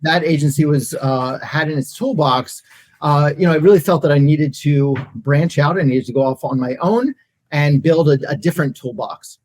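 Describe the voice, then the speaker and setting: A man's voice: on the high side, moderate pace, darkish tone. A middle-aged man answering interview questions thoughtfully, with many fillers and restarts. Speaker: guest, agency CEO.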